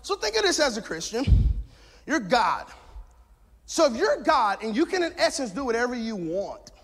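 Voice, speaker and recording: A man pastor preaching a lively sermon, shouting his key points and mixing in jokes. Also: extremely high pitch, normal speed, breathy edge. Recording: long hall reverb.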